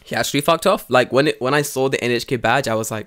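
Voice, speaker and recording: A man co-hosting a podcast, swearing freely as he tells animated stories. His voice sits at an ordinary middle pitch. He talks loosely, casually and profanely. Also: fast, a little hiss or hum. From England. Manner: swears a lot, animated storytelling with put-on quoted voices. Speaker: podcast co-host. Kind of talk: casual chat.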